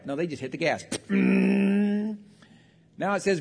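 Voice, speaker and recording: A man with a high voice delivers a sermon in a church sanctuary, his words ringing with a long hall reverb. He preaches conversationally, slipping into acted-out quotes. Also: moderate pace, creaky. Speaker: pastor. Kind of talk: sermon on marriage.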